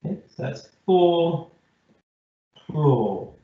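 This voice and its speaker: A man's voice: on the high side, lively intonation, drawn-out words. A man giving a patient, step-by-step live online cooking lesson to children from a kitchen. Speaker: cookery teacher. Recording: echoey, slightly dull audio.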